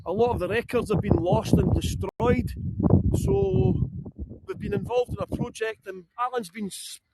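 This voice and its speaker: A man's voice: high-pitched, lively intonation, moderate pace, gravelly, very noisy. A Scottish man leading a live walking tour outdoors in a graveyard, chatty and joking. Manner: chatty and joking, laughs often. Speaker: tour guide.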